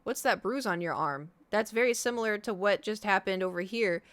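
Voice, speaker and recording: A woman voicing a quiet, reserved young man in a game, speaking flat and low-key. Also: brisk, clear, resonant tone, dry recording, natural voice.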